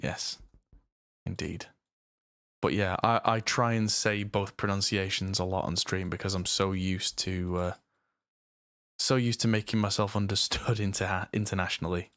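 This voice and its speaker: His low voice is fairly bright, with fairly even intonation and a moderate pace, captured as clean studio sound with no room noise. He's a mixing engineer from northern England with an English accent, chattily rambling and running himself down on a live stream as he mixes.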